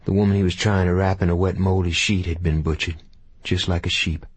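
Deep husky guy reading an audiobook, dry close sound. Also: flat delivery, fairly quick, no echo. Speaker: audiobook narrator. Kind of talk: audiobook narration.

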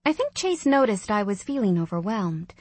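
A woman narrating a first-person audiobook in a soft, reflective way. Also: mid-range voice, sing-song, normal speed, no echo.

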